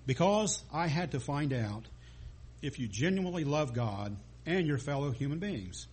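A man's voice: on the high side, expressive, normal speed, a little mellow, husky. A preacher reading a kindly king. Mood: gentle. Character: kindly king with a twinkle, man.

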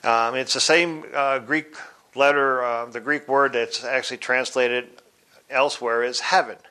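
A man teaching from the Bible in a deliberate, explanatory way, spelling out words letter by letter. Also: medium pitch, fairly even intonation, sharp tone, clean tone.

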